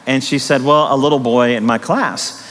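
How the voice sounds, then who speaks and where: A middle-aged male pastor preaching a sermon, telling stories with animated, emphatic rises in his voice. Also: medium pitch, moderate pace. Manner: animated storytelling with rising emphatic peaks. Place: church sanctuary. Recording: long hall reverb.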